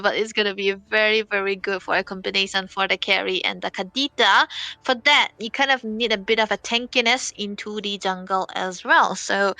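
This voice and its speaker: A woman's voice: fairly high pitch, pushed and bright, no room sound. A woman commentating an esports tournament draft live, chatty and thinking aloud as she reacts to each pick and ban. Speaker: esports caster.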